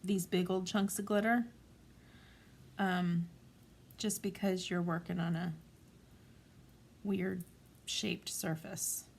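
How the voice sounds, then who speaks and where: A woman in her forties talking through a craft tutorial at home in a gentle, calm, chatty way. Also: on the low side, slow, gravelly, long pauses, a little hiss or hum. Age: 40s. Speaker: craft vlogger.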